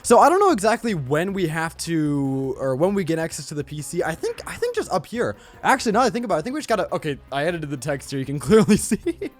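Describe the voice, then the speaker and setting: A man's voice: a little high, huge pitch swings, quick pace, hardly any pauses. A young man giving goofy, rambling let's play commentary with jokey asides. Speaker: gaming YouTuber. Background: faint background music.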